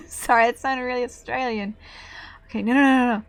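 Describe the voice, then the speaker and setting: A woman streaming a video game, reacting with excitable, swear-filled casual commentary. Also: high voice, normal speed, no echo.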